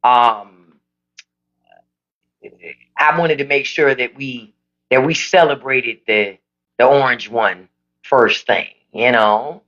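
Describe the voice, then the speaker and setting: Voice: mid-range voice, takes it slowly, long pauses, muffled recording. A livestream host in casual chat with viewers, reading comments and giving blunt, profane political opinions. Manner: animated, emphatic. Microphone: phone livestream.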